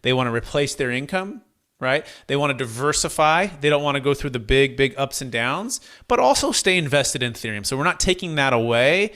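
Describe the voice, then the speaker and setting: A man telling a client story in an interview, lively, acting out the voices of the people he quotes. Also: medium pitch, a little fast. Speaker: guest, tax deferral advisor.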